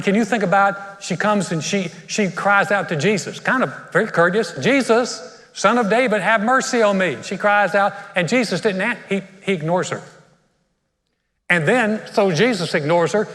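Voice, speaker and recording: A male senior pastor preaching a sermon, animated and humorous, acting out voices from the story. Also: sits high. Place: church sanctuary. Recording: long reverb of a church hall.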